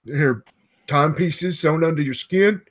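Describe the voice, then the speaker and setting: Man doing a husky, jumpy old convict. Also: a little high, unhurried. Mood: indignant. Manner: alarmed, profane outbursts.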